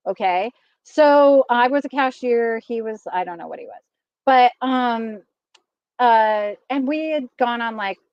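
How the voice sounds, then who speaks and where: Middle-aged woman host, high, chatty voice, laughs a lot, dry slightly dull recording. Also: no echo. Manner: animated, laughs often. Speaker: vlogger host. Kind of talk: casual chatty storytelling.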